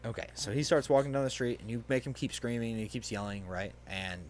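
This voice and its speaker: A man's voice: mid-range voice, a little hiss or hum. A man acting as game master, casually narrating a hypothetical scenario and chuckling at the player's choices. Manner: casual, chuckling, quick to play characters.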